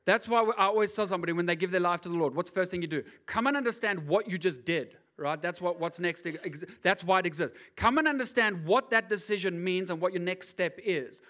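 A middle-aged man preaching a lively, joking sermon as pastor, often acting out voices in his stories. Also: sits high, a little fast, hardly any pauses. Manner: animated, jokey, acts out voices.

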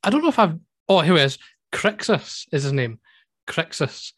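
A man's voice: on the high side, sing-song, moderate pace, fairly bright tone, breathy edge, dry recording. A man co-hosting a podcast in casual chat, telling rambling stories full of "right?" and "um". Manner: rambling storyteller, peppers talk with "right?" and "um". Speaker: podcast co-host.

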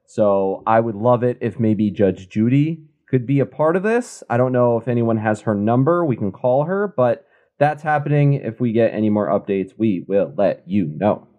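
A man's voice: mid-range voice, animated, normal speed, narrow, tinny audio. A man co-hosting a beer podcast, talking casually in a laid-back, joking manner. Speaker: podcast co-host. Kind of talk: casual chat.

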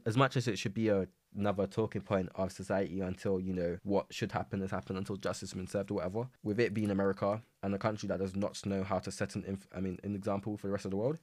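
A man's voice: low voice, a little mellow, no room sound, studio quality. A young man from England, hosting a casual solo podcast, rambling and swearing with lots of energy. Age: young adult. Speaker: podcast host. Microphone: podcast microphone.

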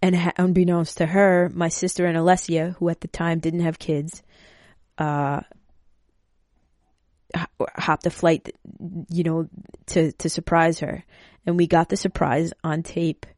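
A woman's voice: fairly low pitch, little pitch movement, a little slow, long pauses, a little mellow, dry recording, clean studio sound. A woman speaking casually and emotionally, rambling and swearing freely as she talks to her listeners. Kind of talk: casual personal talk.

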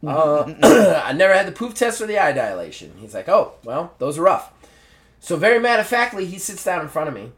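A man's voice: a little high, a little fast. A man hosting a podcast, telling a story casually and acting out the people in it. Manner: animated storyteller acting out dialogue. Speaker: podcast host. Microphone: podcast mic.

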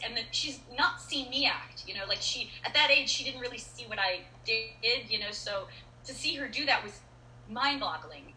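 A middle-aged actress chatting as an interview guest, telling stories in an animated way with many restarts and fillers. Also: female voice, fairly high pitch, moderate pace, a little hiss or hum. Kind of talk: casual interview chat. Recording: roomy echo.

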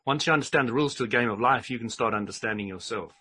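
Bright, husky man chatting on a podcast. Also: mid-range voice, rapid-fire. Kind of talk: casual chat.

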